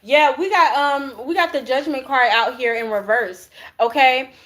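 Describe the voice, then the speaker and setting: A woman's voice: high-pitched, moderate pace, fairly bright tone, a little hiss or hum. A woman giving a casual spiritual tarot reading, chatty and slangy, often checking in with "right?" and throwing in curse words. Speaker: tarot reader.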